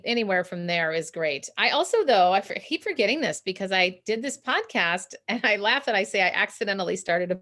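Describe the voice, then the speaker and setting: Upbeat woman coaching on a video call. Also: mid-range voice. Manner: warm, laughs often while explaining. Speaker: guest, communication consultant. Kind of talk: interview answers, coaching advice.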